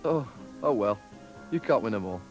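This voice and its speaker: A man's voice: lowish voice, lively intonation, moderate pace. A man of twenty, giving a scripted, pun-filled voice-over introduction to himself. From West Midlands, England. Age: 20s. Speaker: talent show contestant. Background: music.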